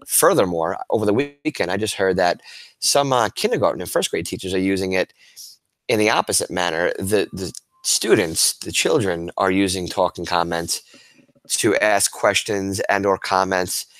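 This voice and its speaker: This is a webinar with a screen demo, led by a man who teaches and is presenting to other teachers. His deep, low voice moves at an ordinary speed, and his easygoing, eager delivery is sprinkled with fillers and repeated restarts. The sound is close and dry, picking up little of the room.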